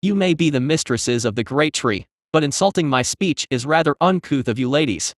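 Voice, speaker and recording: A man's voice: a little high, animated, moderate pace, no room sound, clean studio sound, lightly acted. A man voicing a huge male spider who speaks in stiff, pompous, formal phrases. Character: giant spider king, male, formal and servile.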